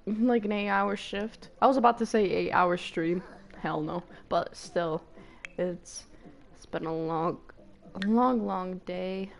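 Chatting with her viewers, the young woman on this stream is excitable, frequently squealing and laughing, and swears freely. Her mid-range voice carries vocal fry and moves at a measured pace.

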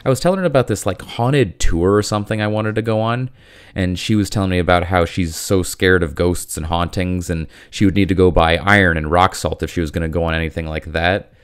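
A deep-voiced man in his thirties talking straight to his viewers in a loose, jokey vlog. His voice is rough and worn from being sick. He rambles a little and pokes fun at himself. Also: steady tone, a little fast. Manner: chatty, self-deprecating, jokey. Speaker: YouTube channel host. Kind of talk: casual talking-head vlog.

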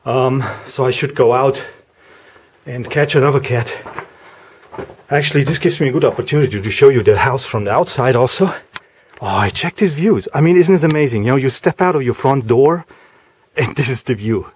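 A man talking casually as he walks through a house, giving a vlog tour with a chatty, wry, deadpan humor. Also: medium pitch, moderate pace, a little hiss or hum. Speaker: vlogger house sitting.

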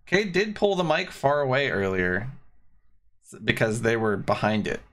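A man's voice: mid-range voice, big pitch swings, normal speed, fairly bright tone. A man streaming from his desk, chatting casually and bluntly while explaining a game's rules. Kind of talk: casual live-stream chat. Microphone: desk mic on a streaming setup.

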